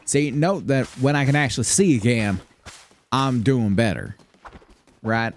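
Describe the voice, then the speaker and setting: A man's voice: mid-range voice, unhurried. A young man streaming a game, chatting casually and swearing freely in a put-on Southern drawl. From Michigan, raised largely in the US South. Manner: profane, laid-back, chatty. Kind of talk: casual live gameplay commentary.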